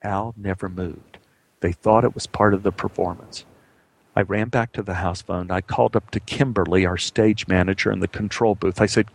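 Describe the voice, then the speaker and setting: A man's voice: lowish voice, normal speed, gravelly. A man telling a personal story aloud with a vivid, dramatic delivery.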